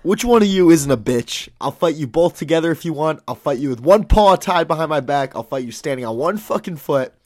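A man's voice: on the high side, lively intonation, fairly quick, few pauses, a little mellow, lightly acted. A man doing a crude, blustering cowardly lion. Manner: swaggering, crude, blustering threats. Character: boastful cowardly male lion, foul-mouthed. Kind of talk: comedic read-through.

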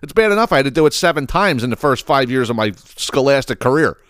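A man hosting a podcast, telling a personal story in a casual, profane, animated way, laughing often and restarting his sentences. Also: medium pitch, fast, clear, resonant tone, no echo, clean studio sound. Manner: many fillers and restarts. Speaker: podcast host.

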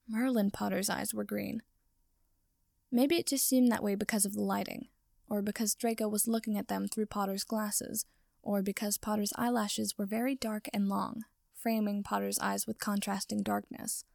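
A woman reads a story aloud in steady, even narration, at a middling pitch. Her voice carries a gravelly fry, and the sound is dry and close, with no room echo. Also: normal speed. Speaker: reader. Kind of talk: reading fan fiction aloud.

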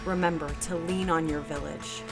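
Woman host, lower voice, bubbly and emphatic sign-off, music clearly underneath. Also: fairly even intonation, moderate pace. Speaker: podcast host. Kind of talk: podcast outro.

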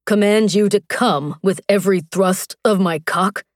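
A woman voicing a fierce, hulking barbarian warrior man in an audiobook, with low, intense, commanding delivery. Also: unhurried, no echo, clean studio sound, close to an everyday voice. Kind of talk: audiobook character voice.

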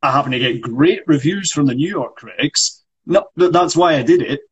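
A man's voice: fairly high pitch, animated, moderate pace, husky, pitched above the performer's own voice, poor audio. A Scottish man reading the part of a frustrated, proud struggling actor in a script read-through, pushing back defensively. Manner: pushy, defensive complaining.

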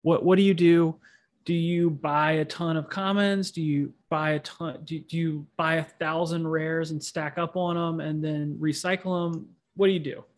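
A man's voice: fairly high pitch, level tone, moderate pace. A man hosting a casual podcast chat, with a nasal voice and a rambling, self-deprecating way of talking. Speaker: podcast host.

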